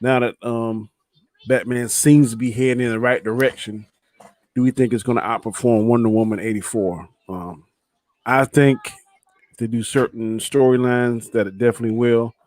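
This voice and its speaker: A man hosts a casual livestream and talks in an easy, laid-back way. His voice is mid-pitched. The sound is dry and close. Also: fairly even intonation, normal speed, a little mellow, no room sound. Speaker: show host.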